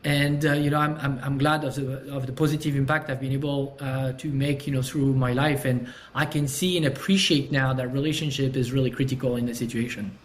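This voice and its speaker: A man's voice: medium pitch, steady tone, fairly quick, hardly any pauses. A middle-aged man with a French accent, talking earnestly as a podcast guest, with many fillers and restarts. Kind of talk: casual interview talk.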